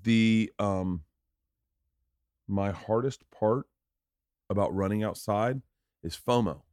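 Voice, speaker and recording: A man hosting a podcast, telling family stories in an animated, casual way, swearing freely. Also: lowish voice, slow pace, dry recording, studio quality. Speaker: podcast host. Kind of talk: casual conversational storytelling.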